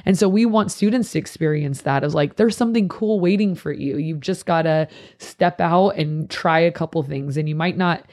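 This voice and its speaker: This is a youth pastor chatting on a podcast with plenty of passion. The voice sits at a middling pitch and bursts into small acted-out quotes as the points stack up. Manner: passionate, animated, quick to act out quotes. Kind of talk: casual podcast chat.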